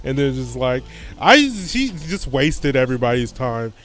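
A man's voice: mid-range voice, very animated, a little slow, fairly bright tone, faint music behind. A man co-hosting a casual chat podcast, sarcastic and profane, rambling with lots of fillers. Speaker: podcast co-host.

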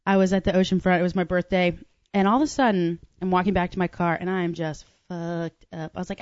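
A woman's voice: fairly low pitch, fairly even intonation, fast talker, few pauses, a little mellow, no echo. A woman chatting candidly with friends, telling a rambling story full of "like" and restarts. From family from Ireland. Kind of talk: candid casual chat. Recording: dull lo-fi dry sound.

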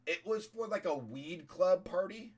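A hoarse-voiced man, a comedian, telling a story in casual, profane podcast chat. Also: sits high, lively intonation, measured pace, darkish tone.

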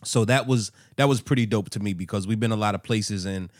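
A man's voice: lowish voice, brisk, no echo, clean studio sound. A man co-hosting a podcast, telling stories in a loose, rambling way with lots of fillers. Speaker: podcast co-host. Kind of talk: casual chat.

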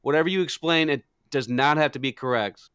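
A man's voice: fairly high pitch, a little fast, a bit bright, clean tone, dry recording, clean studio sound. A young man hosting a casual podcast chat, teasing his co-hosts and moving the segments along. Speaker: podcast host.

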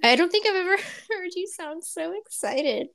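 A woman's voice: very high voice, animated, moderate pace, fairly bright tone, no room sound. Supportive woman co-host, dry close sound. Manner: supportive, laughs easily, short replies. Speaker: podcast co-host. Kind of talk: casual chat.

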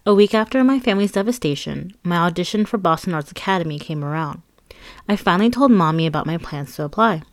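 Low-voiced woman narrating a memoir. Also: expressive, quick pace, no echo. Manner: candid, wry, conversational storytelling.

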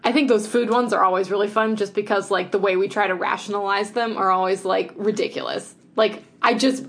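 A woman's voice: mid-range voice, fairly even intonation, brisk, fairly bright tone. A woman co-hosting a podcast, chatting casually with lots of fillers and frequent laughs. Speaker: podcast co-host. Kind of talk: casual chat.

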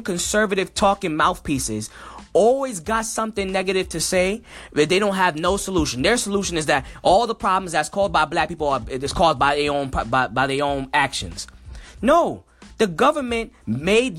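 This is a man delivering a passionate one-man commentary in a somewhat high voice. He reads short passages and then breaks off to argue with rising emotion. He circles back and repeats phrases to drive his points home. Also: fairly bright tone. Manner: emotional, worked-up, repeats himself. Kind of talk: impassioned solo commentary.

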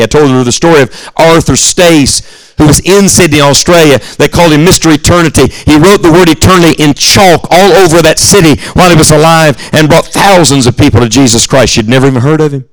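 A man's voice: fairly high pitch, fairly quick, no echo, rough recording. A man with an American accent preaching a sermon at a youth camp, earnest and speaking straight to his listeners. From United States. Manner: earnest, storytelling, addresses listeners directly.

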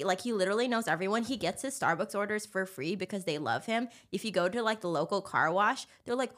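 A woman's voice: on the low side, expressive, a little fast, hardly any pauses, fairly bright tone. A young woman from Anaheim, California, chatting casually as a podcast guest, laughing often and saying "like" a lot. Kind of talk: casual chat. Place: recording studio.

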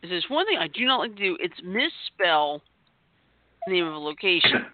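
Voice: mid-range voice, sing-song, moderate pace. A host running a party word game on a podcast, chatty and giggly, calling on each player by name. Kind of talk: casual podcast game hosting. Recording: tinny phone-line audio.

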